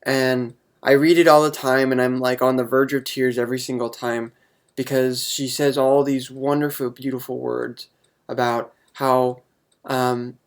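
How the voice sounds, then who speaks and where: A young man answering viewer questions to camera, halting and full of ums, earnest and openly emotional. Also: medium pitch, flat delivery. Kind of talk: casual chat to camera.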